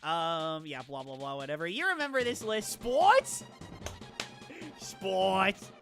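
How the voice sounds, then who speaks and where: A woman VTuber streamer chatting casually on stream, excitable and gushing, laughing often and rambling into asides. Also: low voice, a little fast, faint music behind. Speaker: VTuber streamer reacting to viewer game lists. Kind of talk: casual live-stream chat.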